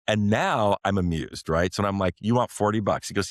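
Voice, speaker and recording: A middle-aged man appears as a podcast guest, telling a personal story earnestly but haltingly, full of fillers and restarts. His voice is deep and there's no echo.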